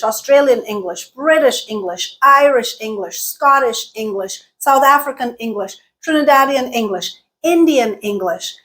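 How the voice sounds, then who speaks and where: Woman with a higher voice teaching pronunciation. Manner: clear, measured explaining with tag checks like "right?". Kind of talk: explanatory online lesson.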